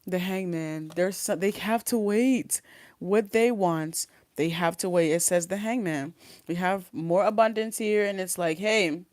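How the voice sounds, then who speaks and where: A woman's voice: on the low side, measured pace, a little mellow, no room sound. A woman giving a casual tarot reading, rambling and giggly with many fillers and restarts, talking around a sore wisdom tooth. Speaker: tarot reader. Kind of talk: casual spiritual reading monologue.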